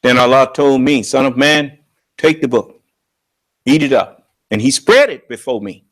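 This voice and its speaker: A man preaching on scripture with emphatic, confrontational delivery, slowing down to draw out quoted verses. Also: medium pitch. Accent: American. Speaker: religious leader and teacher.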